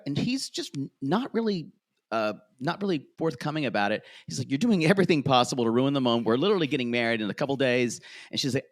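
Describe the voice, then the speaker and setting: A man co-hosting a casual podcast, with a voice that swoops lively up and down as he retells scenes and slips into quick impressions of the cast. The sound is close and dry. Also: mid-range voice, no echo. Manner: animated, quotes cast members in put-on voices. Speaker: podcast co-host. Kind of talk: casual chat recapping a reality show.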